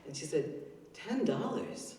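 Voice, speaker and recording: Older woman, open mic storyteller, chatty, full of ums, mellow, echoey distant hall. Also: deep voice, sing-song, unhurried. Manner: chatty, self-deprecating, many fillers. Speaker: stand-up comedian. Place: arts center stage, live audience. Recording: roomy hall heard from a distance.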